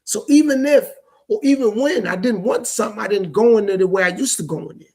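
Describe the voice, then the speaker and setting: A man's voice: sits high, quick pace, darkish tone, husky. A man hosting his own podcast, talking through his thoughts in a loose, repetitive, reflective way. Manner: loose, repetitive, reflective street-talk delivery. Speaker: podcast host. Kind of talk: casual solo podcast monologue.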